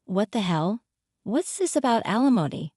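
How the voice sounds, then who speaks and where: A blustering, scheming husband, as a woman narrator reads his lines in her own unchanged voice. Her tone sits at an ordinary middle pitch, and the recording is dry and close, with no room sound. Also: big pitch swings, normal speed, warm tone, no echo. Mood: indignant.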